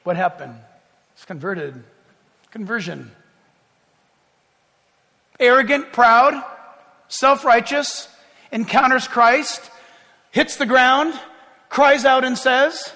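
Animated preaching pastor, high voice. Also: male voice, slow pace, pauses often. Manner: animated preaching, swinging from hushed to loud. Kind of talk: sermon. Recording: long reverb of a large hall.

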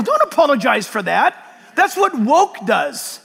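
Male pastor, very high and sharp-toned, animated sermon with shouted peaks, long hall echo. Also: measured pace, gravelly, breathy edge. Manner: animated, joking, breaks into shouts. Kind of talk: preaching a sermon.

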